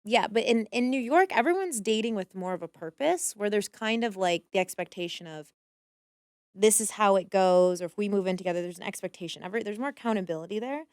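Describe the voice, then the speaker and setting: A woman chatting as a podcast guest, candid and loose, dropping swear words and quick asides. Her voice is smooth and clear. The sound is dry and close. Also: medium pitch, darkish tone, no echo. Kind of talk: casual chat.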